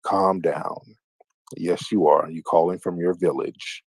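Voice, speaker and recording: A man's voice: low voice, fairly even intonation, a little slow, a little mellow, slightly rough, no echo. A man hosting a late-night livestream call-in show, teasing and taunting his callers in a mocking sing-song way. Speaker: livestream host. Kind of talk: casual call-in banter.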